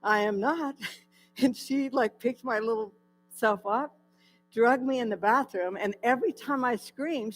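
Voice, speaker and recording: A woman's voice: fairly high pitch, poor audio. A woman giving her personal testimony at a church in a candid, conversational storytelling way. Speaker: guest speaker sharing her testimony.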